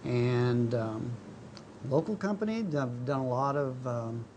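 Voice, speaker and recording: A man who is a guest consultant on a local talk show, explaining a product in a halting way with many fillers. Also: medium pitch, darkish tone, slight background noise. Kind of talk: casual talk show interview.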